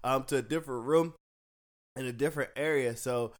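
A man's voice: medium pitch, brisk. A man hosting a casual podcast from a home studio, loose and joking, laughing often. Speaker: podcast host.

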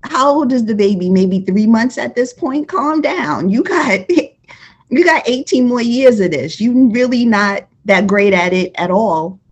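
A woman co-hosting a casual podcast chat with a husky, slightly breathy voice. She speaks bluntly and laughs easily. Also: fairly high pitch, lively intonation, a little slow. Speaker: podcast co-host.

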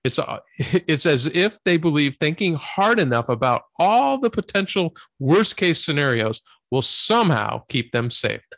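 A man's voice: fairly high pitch, measured pace, few pauses, no room sound. Man reading scripture, dry close sound. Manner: steady reading voice, brief affirmations. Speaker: podcast co-host. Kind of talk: reading scripture and notes on a podcast.

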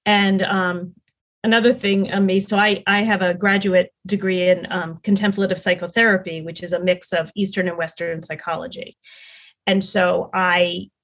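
A woman's voice: lowish voice, flat delivery, moderate pace, fairly bright tone. A middle-aged woman talking as a podcast guest, telling her story in an earnest, rambling way with many fillers and restarts. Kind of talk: casual conversational storytelling.

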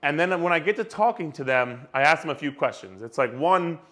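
A man's voice: a little high, expressive, brisk, hardly any pauses, fairly bright tone. A young man, a fitness coach, talking emphatically straight to camera, repeating himself and swearing casually. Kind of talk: direct-to-camera fitness rant.

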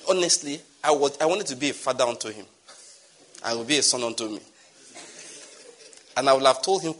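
A middle-aged man preaching a sermon as pastor, animated, swinging from loud exclamations to soft asides. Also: a little high, normal speed, pauses often, slight background noise.

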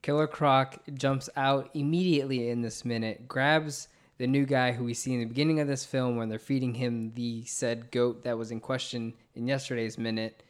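A man's voice: mid-range voice, steady tone, normal speed, few pauses, clean tone. A man hosting a podcast in casual chat, upbeat and laughing often, with frequent fillers. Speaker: podcast host.

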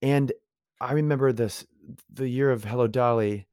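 A man's voice: medium pitch, steady tone, normal speed, darkish tone, clear, resonant tone, no echo. Effusive man rambling through stories, dry. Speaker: guest actor. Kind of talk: casual interview chat.

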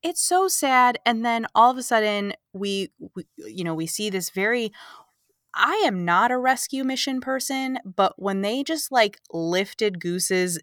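A woman co-hosting a casual movie podcast, recapping the plot in an animated, sarcastic way and acting out the characters' lines. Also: a little high, a little slow, no echo, studio quality. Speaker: podcast co-host.

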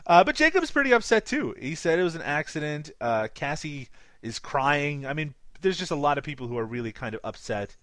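A man's voice: on the high side, sing-song, brisk, a bit bright, dry recording. A man with a light Newfoundland accent recapping a movie in casual podcast chat, laughing often and swearing casually. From Newfoundland, Canada. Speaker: podcast co-host.

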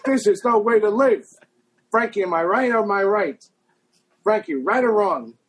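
A man putting on a complaining old New gangster, in a high, slow, emphatic voice. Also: expressive, breathy edge. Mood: indignant.

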